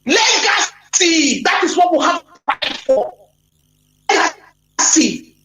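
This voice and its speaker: A very high-pitched woman rants on a radio call-in, repeating herself and shouting in bursts. The line is echoey with clear noise behind her voice. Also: big pitch swings, slow pace. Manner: emotional, repetitive, shouting outbursts. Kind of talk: impassioned call-in rant. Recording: echoey, noisy phone-in line.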